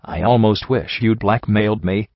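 A man's voice: on the low side, normal speed, no echo, highs cut off, lightly acted. A man reading as a nervous pony mare. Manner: hesitant and nervous. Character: brave, anxious young pony mare astronaut.

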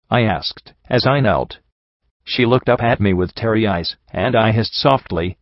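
A man narrating a story in the first person with plain, steady delivery. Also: fairly low pitch, a little slow, no echo. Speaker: audiobook reader. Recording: dull lo-fi dry recording.

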